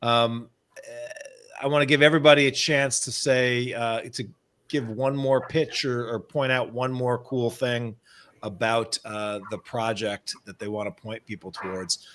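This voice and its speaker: A man's voice: mid-range voice, unhurried, a little hiss or hum. A man hosting a comics livestream, talking loosely with lots of fillers. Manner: relaxed, filler-heavy, friendly wrap-up. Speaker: livestream host. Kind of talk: livestream chat.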